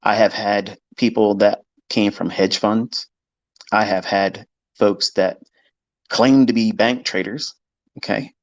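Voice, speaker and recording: A man with a lowish, slow voice and fairly even intonation hosts a live audio space as a trading educator, giving a casual monologue to listeners. He is blunt and emphatic, swears freely, and mimics his skeptics.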